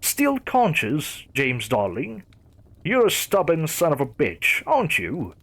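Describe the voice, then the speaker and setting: A gloating, sing-song female killer, put on by a man in a storybook horror reading. The voice rides high and swoops with lively taunts over a husky grain. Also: slow pace, full character voice. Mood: taunting.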